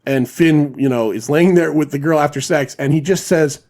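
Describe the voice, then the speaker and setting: A man's voice: fairly high pitch, normal speed, a little mellow. A man hosting a podcast, retelling film scenes in a rambling, profane casual chat with many restarts. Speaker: podcast host.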